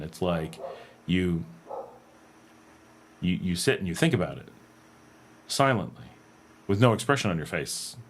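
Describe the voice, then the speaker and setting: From his home in Nicaragua, an American man hosts a livestream, chatting casually and reading out viewer comments. He's animated and rambling, laughs often, and uses many fillers. His voice is low-pitched, with slight background noise.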